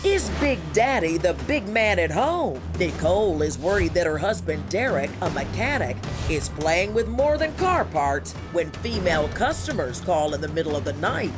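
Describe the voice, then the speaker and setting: Brief: woman TV announcer, low voice, crisp read over theme music. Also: sing-song, normal speed, hardly any pauses. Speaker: show announcer. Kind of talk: scripted TV announcement.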